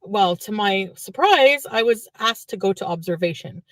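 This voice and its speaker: A woman's voice: medium pitch, lively intonation, normal speed, dry recording. A woman from French Canada telling a long, rambling personal story in a chatty vlog style.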